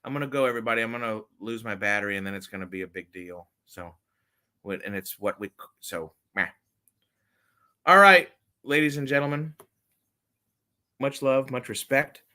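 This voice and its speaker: A man livestreams on his phone about his toy collection, casual and profane, rambling directly to chat. His medium-pitched voice is expressive and bright with a forceful tone, moving at a moderate pace and pausing often.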